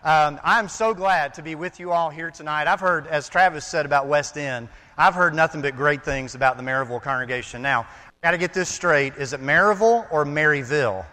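A guest preacher opens his sermon with jokes, drawing the congregation in with questions. His voice sits a little high for a man. A long reverb from the church hall trails his words. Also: brisk, pushed and bright. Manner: jokey, engaging the congregation. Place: church sanctuary.

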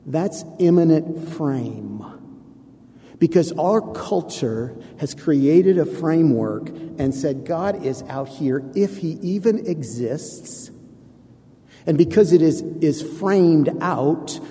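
A man's voice: on the high side, expressive, takes it slowly, dark tone. A man preaching a sermon to a congregation, conversational with playful asides to the listeners. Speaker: pastor. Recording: long hall reverb.

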